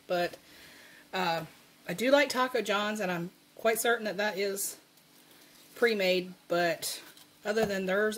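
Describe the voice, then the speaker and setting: A woman with a Southern American accent talks through a home recipe in an easy, folksy way, laughing often. Her pitch sits in the middle for a woman. Faint kitchen noise, with dishes and utensils clinking, runs under her voice. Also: measured pace, pauses often. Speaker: cooking channel host. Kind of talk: casual cooking demonstration.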